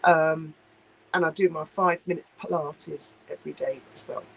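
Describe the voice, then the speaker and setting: A woman's voice: sits low, fairly even intonation, moderate pace, vocal fry, a little hiss or hum, rough recording. A woman hosting a casual livestream, reading viewer comments aloud and answering in a chatty, blunt, sweary way. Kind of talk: casual live chat.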